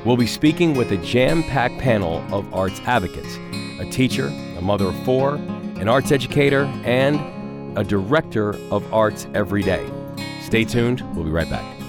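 A man's voice: fairly low pitch, expressive, normal speed, music in the background. A man hosting a talk show, introducing guests with enthusiastic, upbeat energy. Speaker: radio show host.

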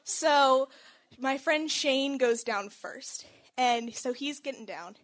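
A young woman tells a personal story aloud in a loose, conversational way. Her voice sits high, and she keeps it animated, laughing as she goes and filling gaps with "like.". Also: slow pace. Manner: animated, chatty, laughs often, says "like" a lot.

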